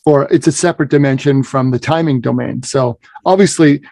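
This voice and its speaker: A man's voice: mid-range voice, brisk, vocal fry, darkish tone, dry recording. A man who teaches piping, explaining musical expression in a conversational lesson and often checking in with "right?". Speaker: piping instructor.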